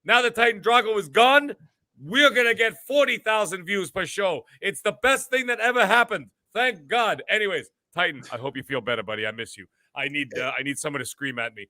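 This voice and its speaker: A man's voice: sits high, brisk, bright, forceful tone, dry recording. A man hosting a gaming podcast, ranting in a profane, mock-boastful way. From Canada. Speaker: podcast host. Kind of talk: casual gaming podcast chat.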